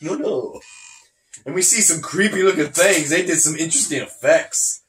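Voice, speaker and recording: A man's voice: fairly high pitch, normal speed, echoey room, a little hiss or hum. A man hosting a podcast, chatting casually about wrestling, laughing often and acting out scenes as he retells them. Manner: laughs often, animated retelling with acted-out quotes. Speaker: podcast host. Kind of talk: casual wrestling review chat.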